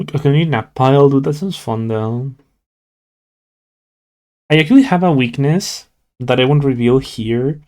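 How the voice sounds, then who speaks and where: A young man streamer talks in a relaxed, mellow voice at a middle pitch. He sounds tired and drowsy, and his casual chat wanders with many fillers and restarts. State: sleepy, yawning. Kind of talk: casual chat with live chat while drawing.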